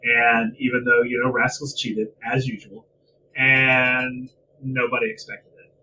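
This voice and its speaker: A man's voice: mid-range voice, flat delivery, a little slow, sharp tone, far from the mic, slight background noise, low-quality recording. A man co-hosting a casual podcast, ranting animatedly and swearing freely about a wrestling show. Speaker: podcast co-host. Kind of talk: casual wrestling review chat.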